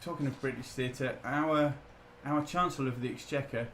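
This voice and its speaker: Male livestream co-host, relaxed and wry, mid-pitched voice, faint noise. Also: normal speed. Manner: relaxed, restarts often, wry. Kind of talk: casual livestream chat with announcements.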